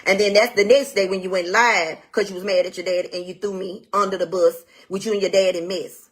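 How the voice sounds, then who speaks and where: A woman's voice: mid-range voice, steady tone, fairly quick. A woman giving a blunt, indignant account of a family dispute, retelling it emphatically and repeating what she said. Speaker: widow telling her side of a family dispute. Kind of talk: direct-to-camera talk.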